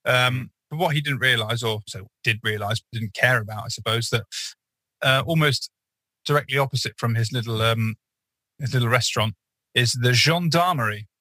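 A man's voice: medium pitch, normal speed, sharp tone, dry recording, poor audio. A man co-hosting a podcast, telling a rambling story in casual chat with many fillers and restarts. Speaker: podcast co-host.

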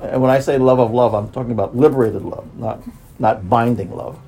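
A man's voice: mid-range voice, warm tone, slightly rough, low-quality recording. A man speaking as a spiritual teacher in an unscripted talk, repeating himself, restarting phrases and drawing out words. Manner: repetitive, with frequent restarts and drawn-out words.

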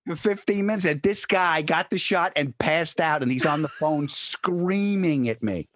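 A man, a comedian and actor, telling a story in casual chat and acting out his friend's panicked voice in high shouts. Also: moderate pace.

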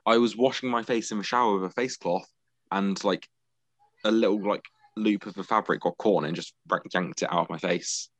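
A man's voice: lowish voice, moderate pace, no echo. A British man co-hosting a podcast in casual, bashful, self-deprecating banter. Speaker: podcast co-host. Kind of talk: casual chat.

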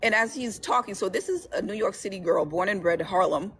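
A woman's voice: medium pitch, lively intonation, a little fast, fairly bright tone, a little hiss or hum. A woman author as a guest, chatting casually about her books and laughing often as she tells their stories. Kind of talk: casual chat.

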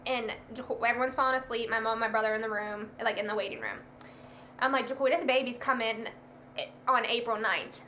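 Young woman, casual storyteller, animated, bright and slightly high voice. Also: a little fast, a little hiss or hum. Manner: animated, lots of "like", acts out quoted lines. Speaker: guest telling a birth story.

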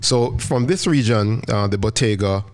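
A man's voice: lowish voice, normal speed. A man co-hosting a wine podcast, casually explaining wine regions and grapes in a teaching way. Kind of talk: casual chat.

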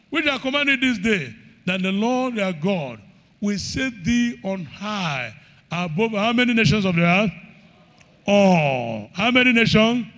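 A man's voice: high voice, sharp tone. A man preaching a sermon, quoting scripture and asking the congregation to finish his lines. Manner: call-and-response questions to the congregation; reads scripture in King James wording, rising and falling emphasis. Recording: long hall reverb.

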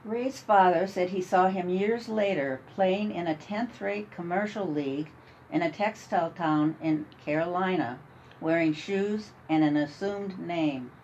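A woman's voice: on the low side, measured pace, darkish tone, lo-fi sound, a little hiss or hum. Woman narrating a story.

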